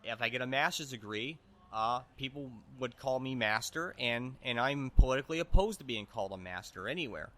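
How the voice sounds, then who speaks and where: Man voicing a self-important humanitarian guest, rambling, deadpan, conspiracy-minded, bright crisp tone. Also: mid-range voice, a little fast. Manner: meandering, deadpan, stumbling over words. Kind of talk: improvised comedy podcast bit.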